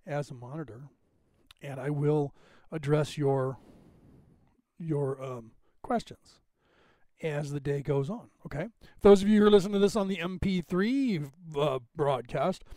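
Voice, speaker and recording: He's a podcast host in his fifties with a General American, West Coast accent, rambling casually on a livestream and voicing his thoughts as he fixes the screen. His voice leans high with a dark tone, and there's no echo.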